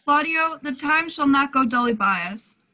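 A woman's voice: sits high, animated, moderate pace, sharp tone. A teenage girl playing a genial, scheming male prince in a Shakespeare school play over a video call, speaking in a stately manner. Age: late teens. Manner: stately, matchmaking. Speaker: student actor.

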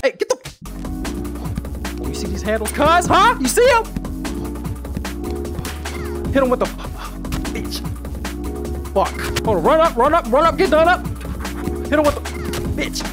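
A young adult gaming YouTuber giving casual, profane play-by-play commentary, excitable and talking straight to the viewers. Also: high-pitched, measured pace, long pauses. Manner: excitable, profane, talks to the audience as "y'all". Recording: game music playing behind.

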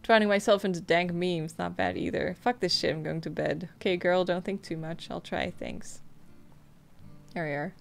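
A woman playing a video game, reading the on-screen text messages aloud in a flat, quick way between casual comments. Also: fairly low pitch, vocal fry, soft background music. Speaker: gameplay streamer. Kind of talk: casual let's-play commentary.

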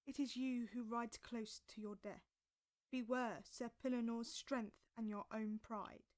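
A woman voicing a wise old male wizard in a storybook reading, speaking quietly and measured. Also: fairly high pitch, steady tone, close to an everyday voice. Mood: warning.

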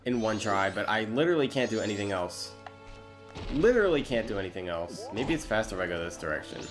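Chatty man with a lively voice over game music. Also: lowish voice, quick pace. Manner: chatty, self-deprecating, thinks aloud while playing. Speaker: let's play host. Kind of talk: casual gameplay commentary.

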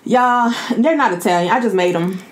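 A woman's voice: mid-range voice, normal speed. A woman hosting a mukbang video, chatting casually with viewers and calling them y'all. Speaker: mukbang host. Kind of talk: casual eating vlog chat.

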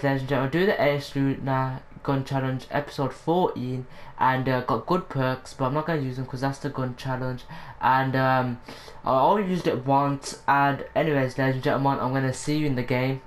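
A woman commentating her gameplay, excitable, breaking into high squeals, swearing and catchphrases aimed at her viewers. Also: fairly quick, a little hiss or hum. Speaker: gaming channel host.

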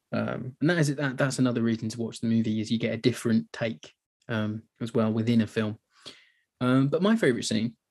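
With a mid-range, slightly mellow voice, this English podcast co-host chats about a war film. He's talkative, laughs, and acts out dialogue quoted from it.

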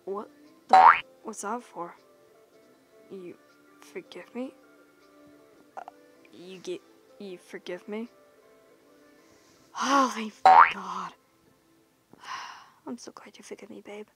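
A woman voicing a remorseful young boyfriend in a whispered role-play, talking in a hushed, apologetic way with some swearing. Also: medium pitch, extremely slow, gravelly, pauses often, faint music behind, heavily acted. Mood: soothing. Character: remorseful young boyfriend, jealous, hot-tempered.

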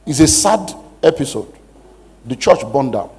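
A man's voice: mid-range voice, sing-song, measured pace, darkish tone, husky. A man who is a pastor, giving a preaching-style money lecture with emphatic rhetorical questions. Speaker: pastor teaching a money seminar.

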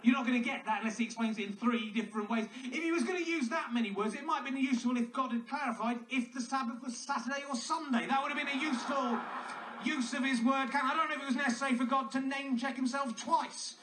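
Sarcastic man with a very high voice. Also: fast, a bit bright. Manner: sarcastic, mocking, nitpicking. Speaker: comedian. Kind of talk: comedic monologue. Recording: echoey room, distant mic, faint noise.

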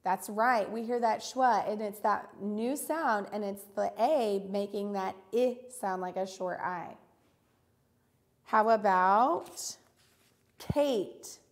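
A woman teacher leads a recorded reading lesson for small children. She speaks at an unhurried pace, sounding out words with careful, deliberate enunciation. She praises often and encouragingly. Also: mid-range voice, a little mellow.

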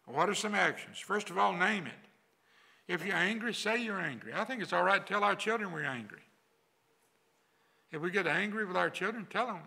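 Gravelly older preacher. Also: male voice, high-pitched, lively intonation, moderate pace, long pauses, bright, forceful tone. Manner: folksy, repetitive preaching cadence. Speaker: pastor. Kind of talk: sermon. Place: church sanctuary.

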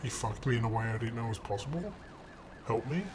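A young man with a mid-range voice and lively intonation talks a little fast over a noisy background, hosting a gaming channel from a room at home into a desk mic. His profane gameplay commentary is crude, sarcastic trash talk aimed at other drivers, broken by sudden loud outbursts and shouting.

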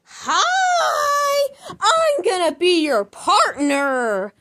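A woman voicing an overexcited young plush coworker who talks in shrill, eager shouts for a toy skit. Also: big pitch swings, extremely slow, heavily acted. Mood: overeager.

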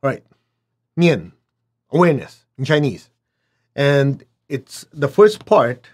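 A man teaching a spiritual lesson, who often checks in with his listeners and acts out little dialogues with big swings in pitch. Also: animated, takes it slowly, darkish tone. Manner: asks listeners to check in, "okay?", "make sense?".

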